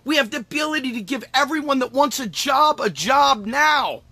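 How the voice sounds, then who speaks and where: A man's voice: extremely high pitch, animated, normal speed, bright, forceful tone, no echo. A man delivering an angry, emphatic political monologue as host, swearing and repeating lines for effect. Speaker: podcast host.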